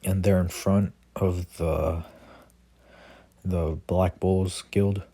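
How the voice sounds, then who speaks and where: A man's voice: low-pitched, flat delivery, drawn-out words, dark tone, husky. A young man casually improvising a fan story as a narrator, rambling with lots of "like" and self-corrections.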